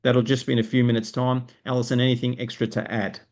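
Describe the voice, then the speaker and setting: A man with an Australian accent teaching business owners in a live stream, energetic and explanatory, often checking in with "right?". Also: medium pitch, fast, muffled recording.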